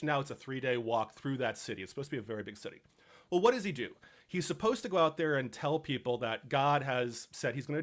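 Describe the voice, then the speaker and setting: A young man casually retelling a Bible story with jokes, dropping into quick voices for the people in it. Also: fairly high pitch. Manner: animated, jokey, acts out characters in quick asides. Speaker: podcast co-host.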